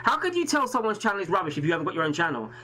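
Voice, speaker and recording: A man's voice: high-pitched, sing-song, very fast, bright, forceful tone, low-quality recording. Earnest rambling English man hosting. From England. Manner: earnest, rambling, many restarts. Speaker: host. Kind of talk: casual live-stream chat.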